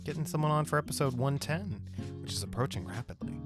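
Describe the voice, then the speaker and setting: Teasing podcast co-host with a lively voice. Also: mid-range voice, fast talker, over loud music. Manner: teasing, jokey. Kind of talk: casual podcast chat.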